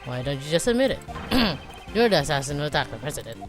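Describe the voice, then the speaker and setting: A woman's voice: sits low, very animated, quick pace, music in the background, voice pushed down. A woman voicing a confident male prosecutor who speaks formally and accusingly in a fan dub of a game.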